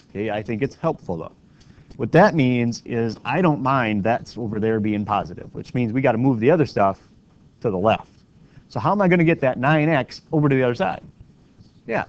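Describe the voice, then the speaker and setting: Male classroom math teacher, mid-pitched, step-by-step, keeps checking in with students; dull lo-fi recording. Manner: walks students through steps with frequent questioning "right?". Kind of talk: classroom lecture.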